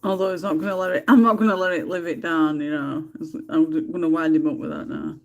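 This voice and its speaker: A woman's voice: low-pitched, fairly even intonation, fast, vocal fry, darkish tone, dull audio. A woman hosting a casual livestream from her home, chatting and telling stories in a giggly way while she colours. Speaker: livestream host. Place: home room.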